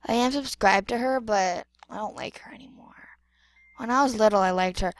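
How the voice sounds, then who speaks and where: A woman's voice: mid-range voice, fairly quick, dry recording. A woman giving playful, dramatic gameplay commentary, exclaiming and repeating words. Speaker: gamer.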